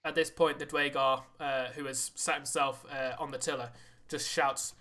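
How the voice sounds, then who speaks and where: A man's voice: medium pitch, little pitch movement, normal speed, sharp tone. A man narrating a tabletop game as game master, rambling with many fillers.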